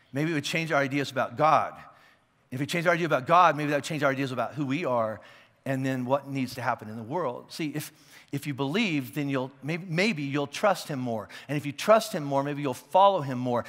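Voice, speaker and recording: This pastor's sermon echoes through a church auditorium, his voice a little high and fairly bright. He talks to the congregation conversationally and checks in with them now and then. Thinking aloud, he frequently restarts and repeats words.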